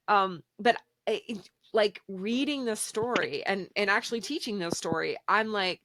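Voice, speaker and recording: A woman's voice: mid-range voice, no echo, clean studio sound. A woman hosting a casual spiritual conversation, rambling with hesitations and livening up when she quotes people. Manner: rambling and hesitant, many fillers, gets lively when quoting. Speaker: podcast host.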